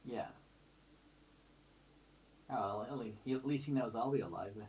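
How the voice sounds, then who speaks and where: A man's voice: mid-range voice, normal speed, a little mellow, slight background noise, low-quality recording. A man speaking as a player in a tabletop game, casual and thinking aloud.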